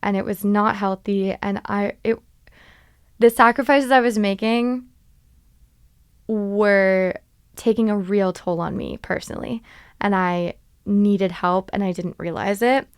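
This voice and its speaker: A woman's voice: medium pitch, unhurried, clear, resonant tone, no echo, clean studio sound. A woman in her twenties hosting a podcast, talking candidly about her past and laughing at herself. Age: 20s. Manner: animated, confessional, laughs at herself. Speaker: podcast host. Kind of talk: candid solo podcast talk.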